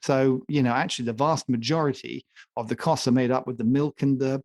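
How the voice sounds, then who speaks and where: This podcast co-host has a mid-range, somewhat mellow voice with fairly even intonation, and he moves briskly. The sound is clean studio audio with no echo, and in this opinionated, casual talk he rants with emphasis and jokes as he builds his case.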